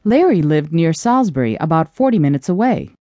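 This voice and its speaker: A woman narrating a first-person audiobook in an expressive, animated reading. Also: deep voice, fairly quick, no room sound, clean studio sound.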